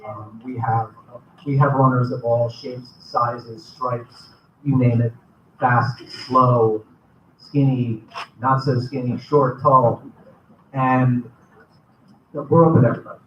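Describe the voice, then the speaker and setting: A man gives a short, earnest speech to a convention crowd, his voice at middle pitch. He sounds distant in a big, echoing hall. The recording is dull, with faint noise behind him. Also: level tone, slow pace. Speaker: running club president. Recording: echoey hall, from far off, dull.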